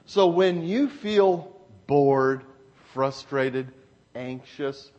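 A man preaching a sermon with emphatic, repeated phrases, swinging from loud exclamations to hushed asides. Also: medium pitch, animated, very slow, dull audio.

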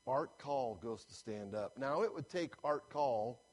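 A man's voice: medium pitch, very animated, a little slow, vocal fry. A man preaching a sermon as pastor, telling a story animatedly and acting out the voices of the people in it.

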